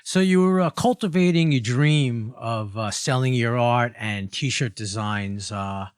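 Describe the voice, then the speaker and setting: A man's voice: mid-range voice, measured pace, smooth, dry recording, clean studio sound. A man hosting an interview, asking questions in an easygoing, supportive way. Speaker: podcast host. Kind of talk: casual interview.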